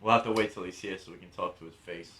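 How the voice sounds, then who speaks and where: A man's voice: deep voice, steady tone, rapid-fire, bright, forceful tone. A man co-hosting a podcast, chatting casually, swearing and reading out viewer comments. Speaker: podcast co-host. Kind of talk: casual chat. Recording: roomy echo.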